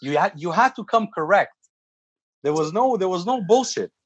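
Husky-voiced man telling animated stories. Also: sits high, normal speed, no echo, highs cut off. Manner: animated storyteller, repeats words for emphasis. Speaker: podcast co-host. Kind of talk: casual chat.

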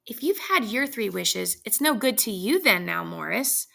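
A woman's voice: mid-range voice, sing-song, normal speed, creaky, sharp tone, exaggerated voice. A woman reading as an eager old man. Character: curious, eager old man, fond husband.

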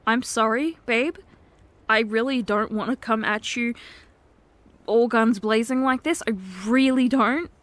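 A woman in a whispered role-play as a girlfriend, talking softly and earnestly, swinging between hushed pleading and sharp, swearing exasperation. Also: a little high, steady tone, unhurried, no echo. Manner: swears when frustrated. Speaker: ASMR role-play performer.

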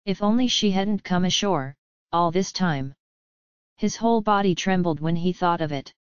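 A woman narrating an audiobook in an even, steady reading. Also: fairly low pitch, moderate pace, smooth, no room sound, lo-fi sound. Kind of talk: scripted narration.

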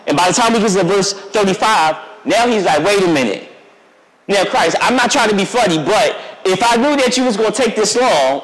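High-voiced man preaching in a reverberant church. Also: fairly bright tone. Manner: conversational preaching, acts out voices of Bible figures; addresses the congregation directly. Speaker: youth pastor. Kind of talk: sermon. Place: church sanctuary. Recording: long reverb of a church sanctuary.

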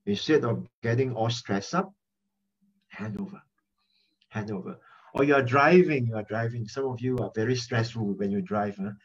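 Husky man preaching over a lo-fi line. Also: medium pitch, fairly quick, hardly any pauses. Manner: animated, repeats key phrases for emphasis. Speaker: pastor. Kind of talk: conversational sermon over a prayer chatline. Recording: dull lo-fi phone-line audio.

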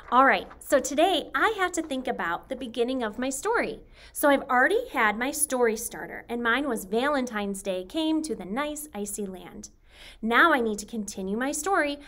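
Woman primary teacher, slightly high voice, slow careful enunciation, spells words out for young kids. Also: a bit bright. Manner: slow and deliberate, sounding out words letter by letter; encouraging, clearly enunciated teacher voice. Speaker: elementary school teacher. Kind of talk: recorded writing lesson for young children.

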